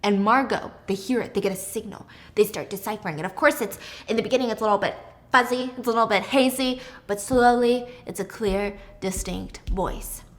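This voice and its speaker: A woman hosting a casual movie recap, chatty and animated, swearing freely as she tells it. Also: medium pitch, a little fast. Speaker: host.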